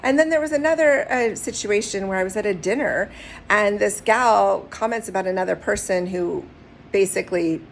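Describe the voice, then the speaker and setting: A woman matchmaker giving candid, direct advice to camera and telling stories with animated retellings. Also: medium pitch, normal speed, gravelly, slight background noise. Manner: candid, direct, animated storytelling with acted quotes.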